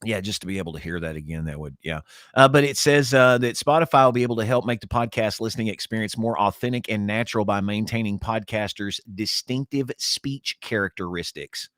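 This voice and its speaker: A man, co-hosting a casual podcast, animated and joking, sometimes reading articles aloud. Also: lowish voice, brisk, dry recording, clean studio sound. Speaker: podcast co-host.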